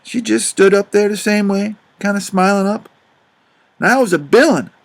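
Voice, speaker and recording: Guy doing a gravelly grieving dad with a drawl, high-ish voice, busts out loud sometimes. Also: normal speed. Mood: remorseful. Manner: drawling, swells to loud outbursts. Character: grieving remorseful grown father, rough and tender. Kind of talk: audiobook character reading.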